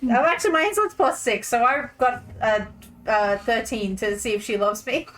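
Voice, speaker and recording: Playful woman player, higher voice. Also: normal speed, fairly bright tone. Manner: playful, chatty. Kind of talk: casual tabletop game chat.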